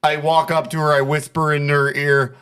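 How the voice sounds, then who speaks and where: A male comedian telling an anecdote on a podcast, animated and casual, laughing between lines. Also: on the high side, moderate pace, smooth. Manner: animated storyteller, laughs mid-sentence. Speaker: comedian guest. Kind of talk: casual storytelling chat.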